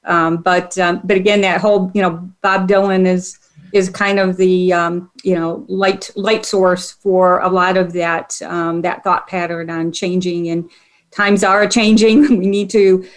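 A woman's voice: fairly low pitch, level tone, measured pace. A woman speaking as a panelist in a casual discussion, hesitant and full of ums and you-knows.

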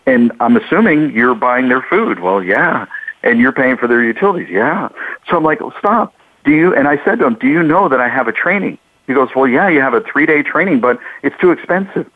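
Male radio co-host, animated storyteller, voices his callers; tinny phone-band audio. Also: mid-range voice, a little fast, no echo. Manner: storytelling, acts out callers' lines. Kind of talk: casual radio talk.

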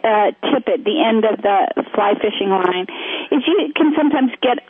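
A woman co-hosting a call-in advice show, talking gently and searching for her words as she goes. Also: fairly high pitch, expressive, normal speed, slight background noise. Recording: phone-line audio.

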